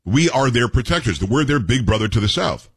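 A man hosting a talk radio show in a General American accent, animated, joking and opinionated. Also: medium pitch, a little fast, husky, no room sound. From New York. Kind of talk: casual talk radio chat.

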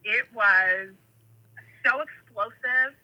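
A woman from California telling animated, rambling stories in casual chat, full of tangents and fillers. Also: a little high, slow pace, lo-fi sound.

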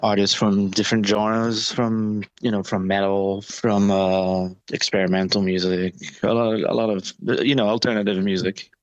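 A man's voice: on the low side, level tone, moderate pace, hardly any pauses, dry recording, dull audio. A man answering interview questions about touring, talking casually with many fillers and restarts. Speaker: touring musician, interview guest.

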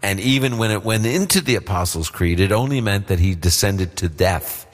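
Man, very low voice, long reverb, plainspoken Bible teacher for radio call-in Q&A. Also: animated, normal speed. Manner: plainspoken, explanatory, checks for understanding.

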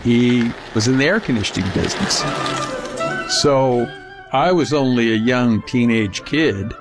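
A man's voice: mid-range voice, measured pace, music in the background. An older man from California telling a casual personal anecdote in a folksy, rambling way with frequent restarts. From Palm Springs, California. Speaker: storyteller.

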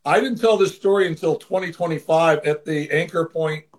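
A man's voice: on the high side, moderate pace. A man as an interview guest, earnestly telling a personal story in casual conversation, sometimes acting out the voices of the people in it. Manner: earnest, acts out quoted voices. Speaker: interview guest, former baseball manager.

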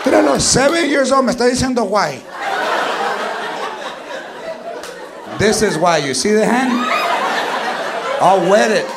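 A man's voice: high voice, lively intonation, moderate pace, creaky. A stand-up comedian acting out his stern Mexican mother scolding her young son, threatening and mixing Spanish slang into English, with a Mexican-American accent. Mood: furious. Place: live comedy club. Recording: loud crowd laughter, noisy club.

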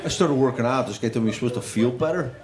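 A man doing self-deprecating stand-up and chatting with the audience, over loud crowd laughter. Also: mid-range voice, rapid-fire, noisy background. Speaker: stand-up comedian. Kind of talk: stand-up routine.

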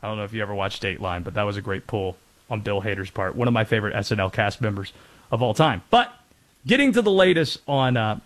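A man's voice: on the low side, animated, fast. A man from North Carolina hosting a casual sports talk show, chatty with rambling asides. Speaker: sports radio host.

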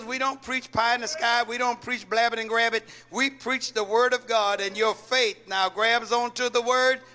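High bright preacher guy, keeps asking the church to answer back. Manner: preaching with repeated calls to the congregation. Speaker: pastor. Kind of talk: call-and-response sermon.

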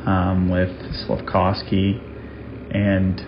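Low, slow male caller on a lo-fi message. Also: completely flat delivery. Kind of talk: recorded voice message. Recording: dull lo-fi message with background hiss.

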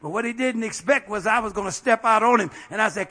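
High, bright-voiced fiery preacher man. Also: fast. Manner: fiery call-and-response preaching, shouting at climaxes. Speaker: bishop and pastor. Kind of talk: sermon.

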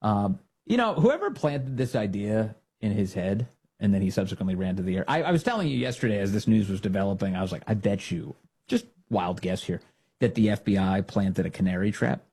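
A man hosting a political commentary show, mocking a news report in a sarcastic, animated way. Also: fairly low pitch, fairly quick, husky.

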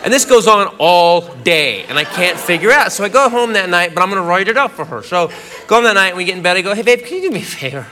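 A man doing a stand-up routine, telling a rambling self-mocking story and acting out the loud bits. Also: high-pitched, expressive, fast talker. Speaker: stand-up comedian. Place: comedy club stage. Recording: live club with audience laughter and noise. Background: audience laughing.

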